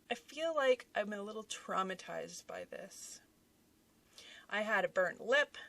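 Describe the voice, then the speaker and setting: Animated woman telling a story, slightly off-mic. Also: mid-range voice, slow pace, creaky, pauses often, far from the mic. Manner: animated, dramatic storytelling with big swings in loudness. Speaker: author and YouTuber. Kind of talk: casual storytelling vlog. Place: home, at her desk.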